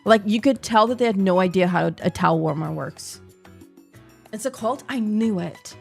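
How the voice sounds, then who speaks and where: A woman streamer chats casually in slang. Her talk is animated and jumps from topic to topic. Faint music plays underneath. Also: medium pitch, normal speed, vocal fry. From New Zealand. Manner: chatty, slangy, animated, jumpy. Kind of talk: casual chat.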